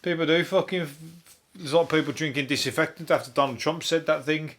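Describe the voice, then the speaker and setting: A man's voice: fairly high pitch, fast talker, a bit bright. A man with a Birmingham accent, a comedian hosting a rambling, sweary comic news monologue. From Birmingham, England. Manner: sweary, laughing, digressive. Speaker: comedian host.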